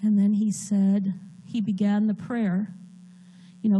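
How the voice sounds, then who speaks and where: Slow, earnest woman in her sixties. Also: mid-range voice, flat delivery, warm tone, slightly rough, rough recording. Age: 60s. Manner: earnest, heartfelt storytelling. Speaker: church member giving a testimony. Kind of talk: personal testimony. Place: church.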